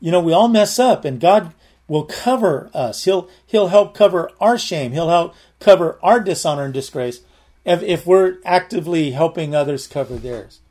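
A man's voice: sits high, animated, moderate pace, darkish tone. A man preaching a sermon, teaching verse by verse and explaining word meanings in an earnest, repetitive way.

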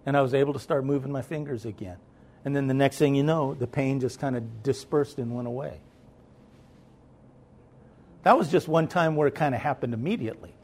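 Speaking at medium pitch and a brisk clip, this male preacher pauses often. His sermon starts out conversational, with regular checks that the audience is following, and then swells into loud, forceful delivery.

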